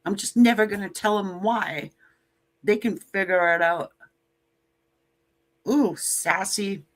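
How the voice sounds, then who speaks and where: A woman's voice: mid-range voice, moderate pace. A woman giving a casual tarot reading to camera, blunt and joking, with sassy asides and casual swearing. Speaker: tarot reader.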